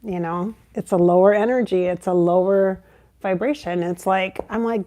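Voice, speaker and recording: A middle-aged woman talking in a casual, emphatic way to her viewers as a psychic channel host, swearing and jumping to high exclaims. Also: steady tone, normal speed, warm tone. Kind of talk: casual spiritual vlog talk.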